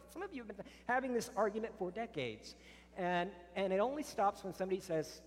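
A man's voice: high-pitched, animated, fairly quick. Man preaching in a reverberant hall. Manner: earnest preaching, drops soft on solemn lines, rises sharply in acted arguments. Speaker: pastor. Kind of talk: sermon.

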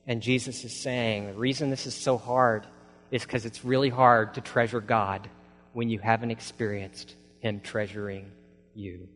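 A man preaching a sermon, asking the congregation rhetorical questions and swinging from hushed lines to loud, urgent ones. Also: mid-range voice. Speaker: pastor. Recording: long hall reverb.

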